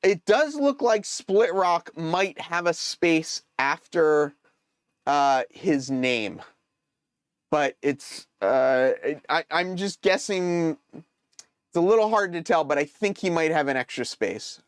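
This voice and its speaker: Slow, clear-voiced man chatting on stream. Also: on the high side, expressive, no echo, clean studio sound. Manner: thinks aloud while troubleshooting, answers viewer chat; hesitant, many fillers and restarts. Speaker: live-stream host. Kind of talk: casual live-stream chat.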